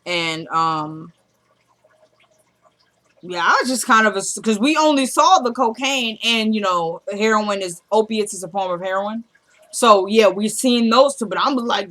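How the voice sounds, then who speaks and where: Eine Frau mit Südstaatenakzent, die locker eine Serienfolge nacherzählt und die Figuren mit tieferer Stimme zitiert. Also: female voice, animated, a little slow, a bit bright. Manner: retells scenes, quoting characters in a lowered voice. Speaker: TV episode recap vlogger. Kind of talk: casual recap chat.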